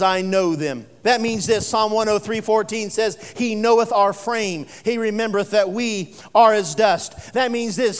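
A male preacher giving a sermon, swinging from forceful declarations to hushed, drawn-out phrases. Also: extremely high pitch, smooth. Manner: dramatic swings between loud preaching and hushed slow phrases. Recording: long hall reverb.

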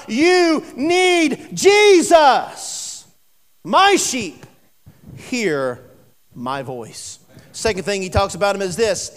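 Man, preacher, very high voice, long hall reverb, dramatic loud-soft sermon delivery. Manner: dramatic swings between loud preaching and hushed slow phrases.

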